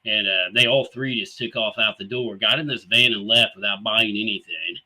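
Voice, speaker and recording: A man talks casually as the host of a live show, pitched a little low. He rambles easily through his stories, full of fillers and light laughs. His voice has a very bright, forceful edge. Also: normal speed, poor audio. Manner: easygoing, rambling with many fillers and chuckles.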